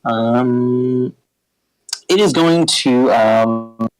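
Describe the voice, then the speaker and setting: A man running a tabletop game as dungeon master, talking haltingly with many ums and uhs. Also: medium pitch, soft background music, poor audio.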